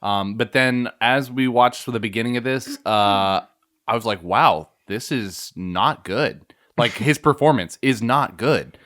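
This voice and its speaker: A man's voice: mid-range voice, unhurried, fairly bright tone. A man co-hosting a film podcast, talking casually in a reflective, hesitant way with fillers. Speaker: podcast co-host. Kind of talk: casual chat.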